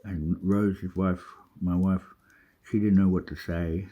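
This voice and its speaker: A man speaks in a low, husky voice, rambling urgently and swearing often. He circles back on himself and restarts his sentences. The audio is dull and lo-fi. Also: level tone, a little slow. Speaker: vlogger. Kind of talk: rambling spiritual monologue.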